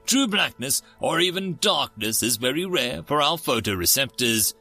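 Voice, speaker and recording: A man's voice: mid-range voice, very animated, moderate pace, sharp tone, soft background music, full character voice. A man voicing a polite, curious male alien who chooses his words carefully in a storybook reading. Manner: careful, formal phrasing.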